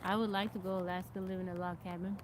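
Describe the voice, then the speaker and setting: A woman's voice: lowish voice, flat delivery, fast talker, background noise. A woman hosting a casual live stream outdoors, chatting and greeting viewers by name as they join, and thanking them. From America. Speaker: livestream host. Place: outdoors in nature.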